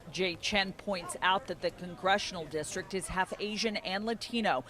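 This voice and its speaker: A woman reporter giving steady, scripted news narration. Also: mid-range voice. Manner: steady, measured delivery.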